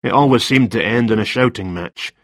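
A man's voice: on the low side, brisk, no echo, studio quality. A man voicing a hesitant, rambling male freelance writer in an audiobook. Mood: subdued.

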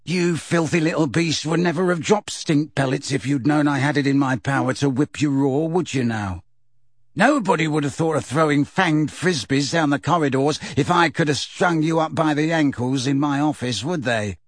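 A man's voice: fairly high pitch, normal speed, no room sound, clean studio sound, natural voice. A man voicing a leering, nasty old male school caretaker who wheezes and gloats. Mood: gloating. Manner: gloating, chuckling menace.

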